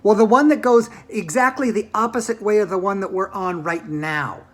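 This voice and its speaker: A woman's voice: mid-range voice, moderate pace, pitched above the performer's own voice, close to an everyday voice. Mister Wonka, as a woman reads him an eccentric showman. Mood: breezy. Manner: lively, declaiming, showman-like. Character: eccentric, brisk adult male candy maker.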